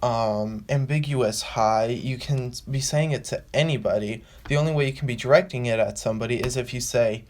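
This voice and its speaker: A man's voice: mid-range voice, fairly quick, few pauses, slight background noise. Rambling male fan explainer. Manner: rambling, restarts and repeats phrases; acts out quoted lines with a raised voice. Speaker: fan video host. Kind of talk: casual fan explainer monologue.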